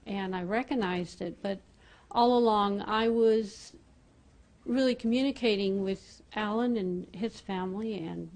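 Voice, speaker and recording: A woman from the congregation giving a personal testimony in a halting, hesitant way. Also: mid-range voice, a little mellow. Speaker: congregation member.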